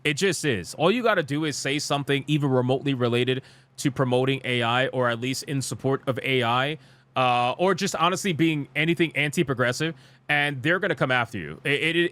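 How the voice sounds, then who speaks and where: A man's voice: a little high, fairly quick, fairly bright tone. A young man streaming live, reacting to gaming news and reading comments aloud in a blunt, exasperated, profane rant.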